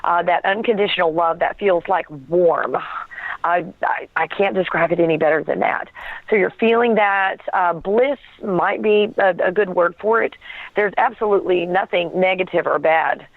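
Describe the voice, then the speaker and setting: A woman's voice: fairly low pitch, normal speed, no room sound. A woman telling a personal story as an interview guest, earnest and searching for words, often breaking into a laugh. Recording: tinny phone line, dry.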